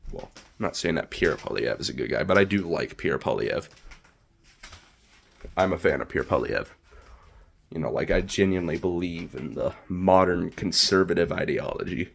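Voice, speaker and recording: A man's voice: sits low, vocal fry, a bit bright, slightly rough. A man giving a casual, opinionated political monologue. He rambles and corrects himself as he goes. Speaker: political commentator vlogger.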